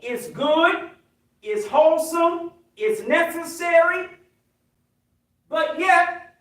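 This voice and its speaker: A high-voiced American man preaches slowly and deliberately, calling out to his congregation and building to shouts. He sounds far from the mic in a very echoey hall. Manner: emphatic, preaching, rising to shouts. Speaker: minister. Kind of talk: sermon with call and response.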